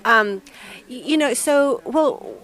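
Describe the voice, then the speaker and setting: A woman's voice: high voice, slow, a bit bright. An American woman hosting a food podcast, asking chatty, rambling interview questions with enthusiasm. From United States. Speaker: podcast host.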